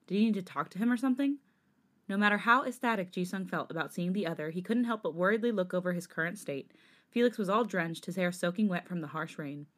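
A woman co-hosting a podcast, reading fanfiction aloud in a steady narrating manner. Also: on the low side. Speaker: podcast co-host.

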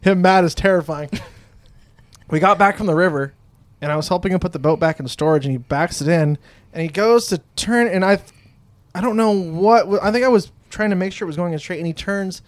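A man's voice: sits high, a little fast, no room sound. A man chatting casually with friends, telling a story with lots of swearing and laughter. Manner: animated storyteller, swears a lot, laughs often. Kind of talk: casual chat.

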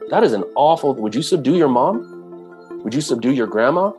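A man's voice: mid-range voice, expressive, moderate pace, a little mellow, faint music behind. A man speaking earnestly in a conversational way about culture, with frequent restarts. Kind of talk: casual talk.

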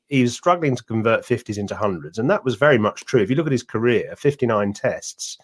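A man co-hosting a cricket podcast, telling anecdotes in a rambling, casual way with many restarts and asides. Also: on the low side.

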